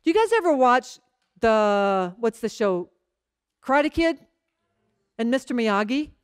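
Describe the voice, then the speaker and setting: A woman's voice: animated, unhurried, clear, resonant tone, no room sound, clean studio sound. A woman pastor preaching a sermon in a conversational storytelling way, often checking in with the congregation and acting out bits of dialogue. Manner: acts out short bits of dialogue in a lowered voice.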